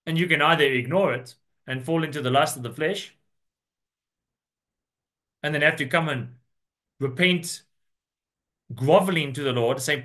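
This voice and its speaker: A man preaching an earnest sermon, reading and explaining scripture with slow, drawn-out emphasis. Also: on the high side, animated, fairly bright tone.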